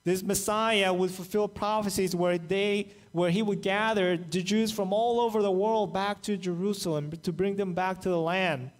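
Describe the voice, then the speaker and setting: Male pastor, high-pitched, lively storyteller voicing quotes in his sermon. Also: moderate pace, few pauses. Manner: animated storytelling, acts out quoted voices. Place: church, online service.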